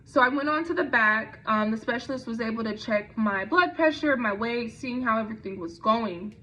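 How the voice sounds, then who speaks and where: A woman's voice: fairly high pitch, normal speed, bright, forceful tone. A young woman telling a personal story in a conversational way, with frequent fillers and restarts. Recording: dull lo-fi recording.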